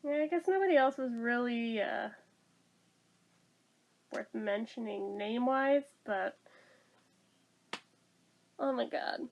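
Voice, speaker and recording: Slow-talking high-voiced woman ranting. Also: highs cut off. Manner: sarcastic, blunt, swears freely. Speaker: movie reviewer. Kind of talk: casual ranting review.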